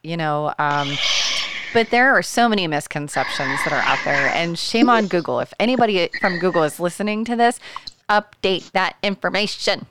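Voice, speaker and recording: A woman hosting a casual chat, talking hesitantly and pausing with lots of um and like as she looks for her words. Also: lowish voice, expressive, noisy background. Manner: hesitant, many fillers and restarts. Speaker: host.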